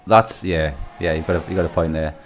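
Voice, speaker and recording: A man's voice: low voice, flat delivery, fairly quick. A man hosting a live stream and commentating a sim race, chatty, laughing often and swearing casually.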